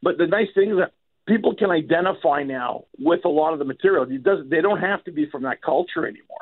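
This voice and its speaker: A man comedian talks loosely on a radio show, circling his points and clearing his throat again and again. His voice sits a little high. The sound is thin and tinny, like a phone line. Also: very animated, quick pace. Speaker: comedian guest. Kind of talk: casual radio chat.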